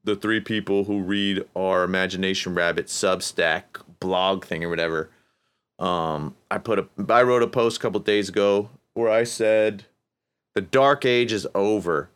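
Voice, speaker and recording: A low-voiced man talks alone into a podcast mic in a loose, rambling rant. He swears freely and slips into high, mocking impressions of other people. His voice is smooth and clear. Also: little pitch movement, normal speed, fairly bright tone. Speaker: podcast host. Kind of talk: casual solo podcast rant.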